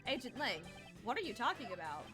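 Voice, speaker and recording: A composed male prosecutor, voiced by a woman, who speaks in a measured, formal way. His pitch moves a lot. Game music plays clearly behind. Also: sing-song. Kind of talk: voicing game dialogue.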